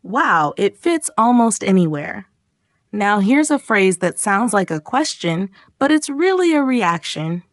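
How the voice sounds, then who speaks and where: A woman teaches English in a scripted lesson, her medium-pitched, sing-song voice swinging up and down as she acts out example reactions at a measured pace. The sound is dry and close, with no room around it.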